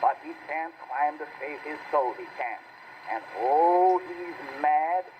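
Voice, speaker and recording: A man's voice: a little high, slow pace, dull audio, slight background noise. A man reciting as a small boy, telling a bear story in folksy dialect with stumbling restarts. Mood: earnest rambling. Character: small boy rambling through a bear tale.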